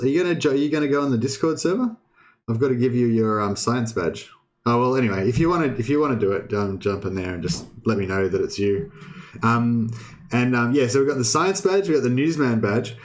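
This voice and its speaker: A young man hosting a livestream, talking loosely to his chat at a middling pitch. He rambles, restarts his sentences and swears offhandedly, in a relaxed, casual way. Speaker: streamer.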